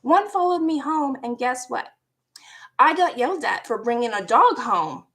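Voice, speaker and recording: A woman around forty casually telling a personal story, animated, laughing often and dropping into hushed asides. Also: high voice, moderate pace. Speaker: vlogger.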